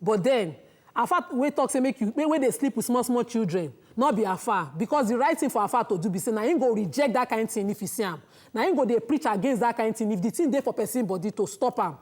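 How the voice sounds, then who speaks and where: A woman's voice: a little high, animated, fast, a little mellow. A Nigerian woman co-hosting a studio talk show, speaking emphatically and switching into pidgin. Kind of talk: studio panel discussion.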